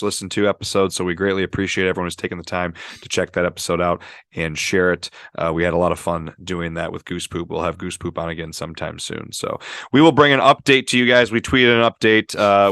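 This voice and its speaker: A man hosting a sports podcast, talking in a relaxed, upbeat way with plenty of fillers. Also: low voice, no room sound, clean studio sound. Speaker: podcast host. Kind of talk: casual sports podcast chat.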